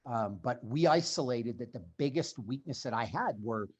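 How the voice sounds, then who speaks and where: A man's voice: mid-range voice, expressive, moderate pace, a little mellow, slightly rough. A man telling his story as a podcast guest, in a blunt, emphatic conversational way.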